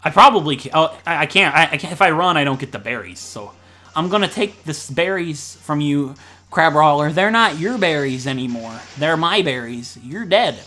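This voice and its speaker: A man from Ohio with a Midwestern American accent, rambling and joking fast through casual gameplay commentary. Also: on the high side, lively intonation, sharp tone, soft background music. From Ohio, USA. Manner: fast-talking, rambling, jokey. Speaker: let's play commentator.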